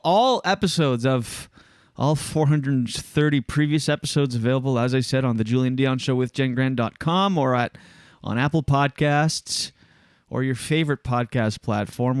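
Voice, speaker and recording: A man's voice: on the high side, dry recording, studio quality. A French-speaking man hosting a podcast, chatting in a jokey, rambling way. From Atlantic Canada. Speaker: podcast host. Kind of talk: casual chat.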